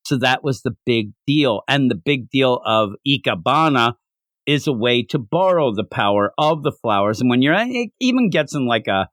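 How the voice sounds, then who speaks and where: A man co-hosting a casual podcast chat, animated, often slipping into high put-on voices to act out character lines. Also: moderate pace, dry recording, clean studio sound. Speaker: podcast co-host reviewing an anime.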